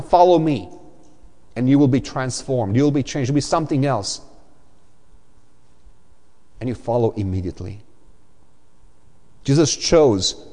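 A man's voice: medium pitch, big-room sound. A middle-aged man preaching a Sunday sermon in a church, emphatic and repetitive as he quotes scripture. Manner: emphatic and repetitive, quoting scripture with lively vocal swings. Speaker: pastor.

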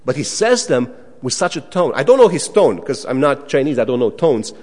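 Animated preacher man in a reverberant hall. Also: mid-range voice, normal speed. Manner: animated, acts out quoted prayers in a raised voice. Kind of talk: sermon.

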